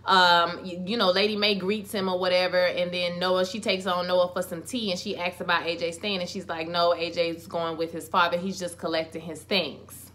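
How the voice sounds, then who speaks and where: A woman gives a casual, sassy recap of a TV episode. She talks in a lively way and keeps calling out to the characters. Her voice is bright and forceful. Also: on the low side, normal speed, hardly any pauses. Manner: animated, sassy commentary with playful asides to the characters. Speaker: TV episode reviewer.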